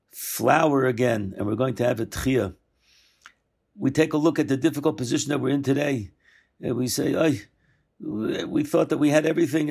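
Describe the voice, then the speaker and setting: Gravelly-voiced man teaching Torah. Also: mid-range voice, darkish tone. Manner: discursive, self-correcting, acts out quoted lines. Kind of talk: weekly Torah lesson.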